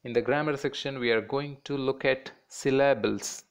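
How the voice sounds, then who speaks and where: A man's voice: mid-range voice, fairly even intonation, moderate pace, clear, resonant tone. A man teaching a children's class in Indian English, patiently repeating words and breaking them into syllables.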